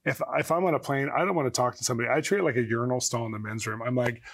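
A man speaks fast and animatedly as a guest on a faith talk show. He tells personal stories and acts out his own inner voice, at a middling pitch. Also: fairly even intonation, a bit bright. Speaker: guest, prophet. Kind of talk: storytelling in a talk-show interview.

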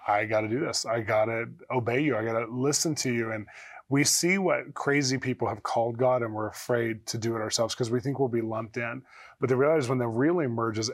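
Quick-talking man telling stories. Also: medium pitch. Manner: fast, animated, acts out his own quoted inner voice. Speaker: guest, prophet. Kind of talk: storytelling in a talk-show interview.

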